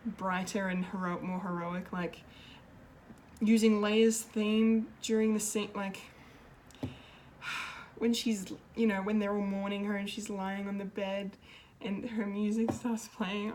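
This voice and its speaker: A woman rambles through an unscripted film review, gushing and openly emotional. She restarts sentences and piles on fillers as she goes. A faint hiss sits under her mid-pitched voice. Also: level tone, slow pace, darkish tone. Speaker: pop culture video reviewer.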